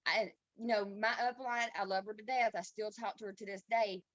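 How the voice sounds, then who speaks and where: A woman giving a heartfelt, halting testimony on a video call. She is tearful and pauses and restarts often. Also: mid-range voice, steady tone, no echo. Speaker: team member sharing a testimony. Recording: dull, dry lo-fi call audio.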